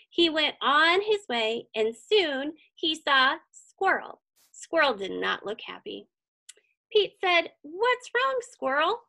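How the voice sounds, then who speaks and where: A woman reads a picture book aloud to young children. Her voice is high, bright and very lively in pitch. She takes her time and pauses to ask the listeners questions. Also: vocal fry. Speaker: children's story reader.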